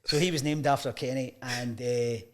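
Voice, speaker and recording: A man's voice: medium pitch, moderate pace, background noise. A Scottish man in his fifties, a sports journalist guest on a chat show, telling stories casually and acting out the voices of the people in them. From Scotland. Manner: lively anecdotes, acts out quoted voices. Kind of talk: casual storytelling interview.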